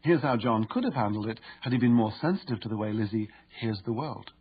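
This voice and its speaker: A man reading his own book aloud as narrator, in a measured, explanatory way. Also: on the low side, expressive, husky, narrow, tinny audio. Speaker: author and narrator. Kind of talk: audiobook narration.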